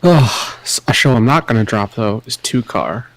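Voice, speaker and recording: A man's voice: fairly low pitch, expressive, normal speed, a bit bright, no room sound. A man co-hosting a podcast in casual chat, laughing often with short agreements. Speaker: podcast co-host.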